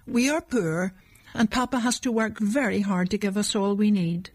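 A woman's voice: mid-range voice, normal speed, darkish tone, husky, no room sound, close to an everyday voice. A woman voicing a firm, caring older sister who speaks in a motherly way to her little brother.

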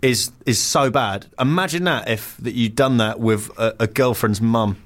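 A man's voice: mid-range voice, normal speed, a bit bright. Man, podcast co-host, loose rambling chat with frequent laughs. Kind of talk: casual chat.

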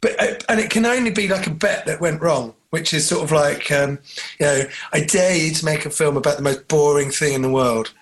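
A man's voice: a little high, brisk. A man co-hosting a casual chat, telling rambling, jokey stories. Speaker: podcast co-host.

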